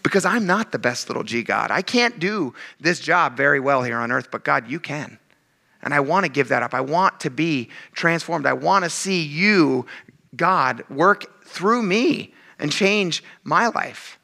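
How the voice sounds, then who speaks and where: A male pastor delivers a sermon with a bright, forceful voice that sits a little high. He talks casually and animatedly, slipping into quick acted-out asides. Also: lively intonation, vocal fry.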